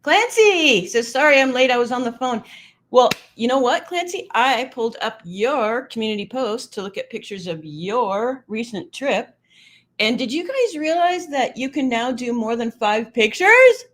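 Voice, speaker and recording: Chatty middle-aged woman, lively voice. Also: unhurried. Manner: chatty and emotional, laughs often, lively pitch. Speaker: livestream host. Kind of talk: casual livestream chat reading comments.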